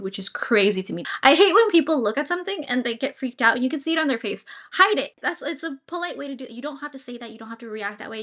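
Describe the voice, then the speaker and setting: Young woman ranting about dating manners, kinda high voice, very opinionated. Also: fairly bright tone. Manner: opinionated, advice-giving. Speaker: host reacting to clips. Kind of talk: casual commentary.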